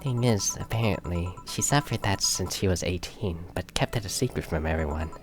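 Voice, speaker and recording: A man voicing a calm young woman who lost her sister, speaking in a measured, soft, explanatory way in a fan reading of a visual novel. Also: sits low, over music. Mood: somber.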